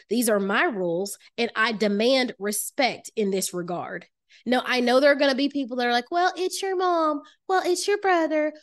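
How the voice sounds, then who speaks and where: A woman with a high, light voice leads a motivational master class. She speaks to the listener directly and emphatically, hammering points home by repeating them. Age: adult with children. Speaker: life coach and podcast host.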